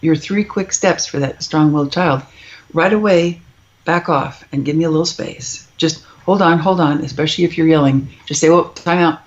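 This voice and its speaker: A woman's voice: deep voice, moderate pace, muffled recording. A middle-aged woman, a parenting author, speaking emphatically as a podcast guest and acting out quoted voices in her stories. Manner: emphatic, storytelling, acts out quoted kids and parents. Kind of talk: podcast interview.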